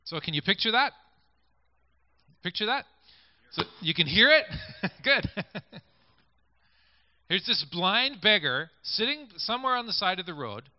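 A man's voice: high voice, sing-song, unhurried, pauses often, no room sound. A male preacher giving a sermon in a conversational way, reading scripture and inviting listeners to picture the scenes. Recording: dull lo-fi recording.

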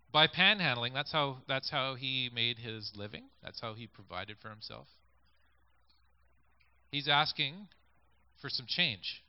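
A man's voice: mid-range voice, no room sound. A male preacher giving a sermon in a conversational way, reading scripture and inviting listeners to picture the scenes. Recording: dull lo-fi recording.

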